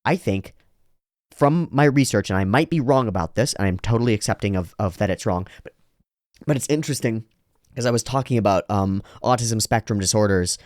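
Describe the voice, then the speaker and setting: In a dry, clean studio recording, a man with a lowish, somewhat mellow voice hosts an anime reaction. He rambles reflectively, thinking aloud with frequent restarts, and slips into slow, exaggerated voices for quoted lines.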